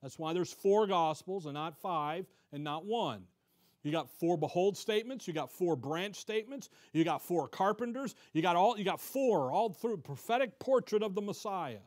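A man's voice: sits high, animated, normal speed, darkish tone. A man preaching a conversational Bible-study sermon, reading verses aloud and asking rhetorical questions with frequent restarts. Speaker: pastor.

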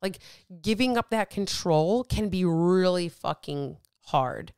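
A woman's voice: lowish voice, lively intonation, slow, darkish tone, smooth, no room sound, clean studio sound. A woman coach hosting her podcast, talking bluntly and emphatically to her listeners and swearing freely as she motivates them. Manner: motivational, addresses listeners directly. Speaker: weight loss coach and podcast host. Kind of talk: casual podcast monologue.

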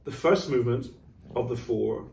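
A man's voice: medium pitch, moderate pace, vocal fry, darkish tone, recorded from a distance. Middle-aged man, music director type, thoughtful explainer, room echo, mic a bit off. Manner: thoughtful, explanatory, sings rhythms aloud. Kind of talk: casual chat about classical music. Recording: roomy, from off mic.

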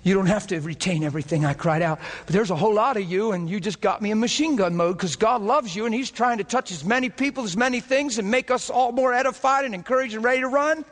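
Male preacher, high-pitched voice, fiery rapid-fire sermon delivery in a church. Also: long reverb tail. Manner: impassioned, rapid-fire, climbing to near-shouting peaks.

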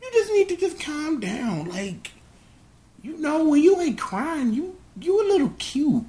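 A man doing a soft, soothing young woman. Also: measured pace, full character voice. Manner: soft, calming, low-key.

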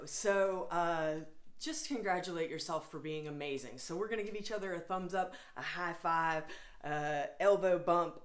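A woman's voice: sits low, reverberant. A woman leading a laughter yoga class, coaxing her listeners along with cheerful calls and bursts of laughter. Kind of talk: guided laughter exercise class.

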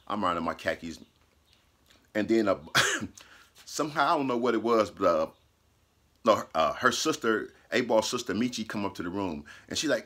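A man casually telling a personal story, animated and profane, laughing mid-sentence and acting out what people said. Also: on the low side, moderate pace, pauses often.

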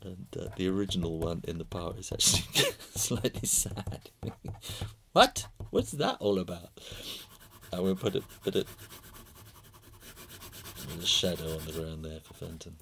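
A man's voice: sits low, steady tone, normal speed, a bit bright, slight background noise. A British man, an illustrator, chatting and laughing often as he talks through a drawing tutorial. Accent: British English.

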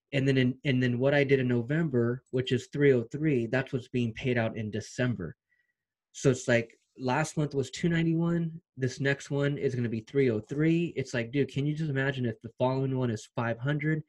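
A young man vlogging about his online side income in an excited, repetitive, slangy pep-talk style. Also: mid-range voice. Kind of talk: energetic motivational vlog talk.

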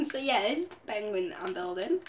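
A woman's voice: medium pitch, slight background noise. A young woman on a headset mic, rambling through casual game commentary and often breaking into giggles. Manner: giggly, rambling, keeps apologizing for laughing. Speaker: gaming vlogger.

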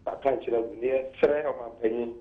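Caller pleading over a tinny phone line. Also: male voice, mid-range voice, fairly even intonation, moderate pace. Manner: pleading, formal. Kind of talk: radio call-in appeal.

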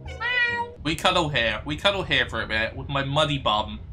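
A man's voice: mid-range voice, animated, brisk, pushed and bright, faint music behind. A man commentating a let's play on stream, joking, swearing and bantering with the characters through a desk mic. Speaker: gaming streamer.

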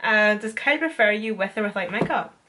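A woman's voice: mid-range voice, lively intonation, brisk, bright, forceful tone, a little hiss or hum. A young woman, chatting casually and teasingly while doing makeup. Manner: playful and teasing, laughs often. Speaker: beauty vlogger. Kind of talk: casual chat.

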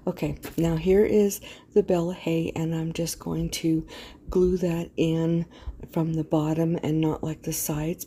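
A woman's voice: low-pitched, warm tone, slight background noise. A middle-aged woman casually talking through a craft project in a rambling way, often losing her words. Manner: rambling, loses words, yawns while talking. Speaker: craft channel host. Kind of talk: casual craft tutorial voice-over.

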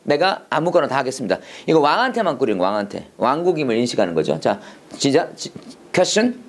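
Rapid-fire male Bible teacher. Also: mid-range voice, very animated. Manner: drills students with repeated questions, fast switching between languages. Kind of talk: classroom Bible lesson mixing Korean and English.

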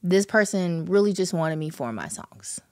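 Low-voiced woman telling a story. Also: normal speed. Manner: animated storyteller, laughs through her story. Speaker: podcast guest. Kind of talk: casual storytelling chat.

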